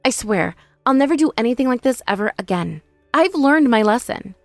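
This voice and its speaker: A woman plays a desperate young sister-in-law in a voiced text-message drama. She begs and makes excuses in a slightly high, pleading voice. The sound is dry, with faint music underneath. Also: expressive, fairly quick, dry recording. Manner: pleading, whiny, self-pitying. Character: desperate, remorseful sister-in-law begging forgiveness.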